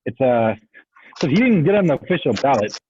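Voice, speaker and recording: Animated husky man on a tinny call. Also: mid-range voice, fairly quick, no echo. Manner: rambling, self-correcting, animated. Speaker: podcast co-host. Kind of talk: casual chat. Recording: tinny phone-like remote call.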